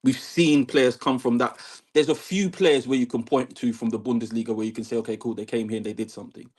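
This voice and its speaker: Brief: calm male caller, measured and even-tempered, mid pitch. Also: slightly rough. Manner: level-headed, measured. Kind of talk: casual football chat.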